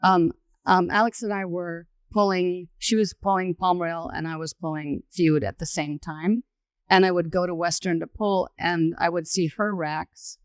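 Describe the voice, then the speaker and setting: A woman on a panel telling an anecdote in a relaxed, measured way. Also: fairly low pitch, clean tone, no room sound.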